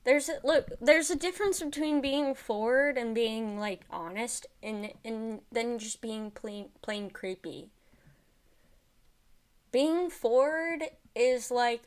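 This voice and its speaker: A woman's voice: fairly high pitch, slow. A woman streamer commenting casually on a video, exasperated and often restarting her sentences.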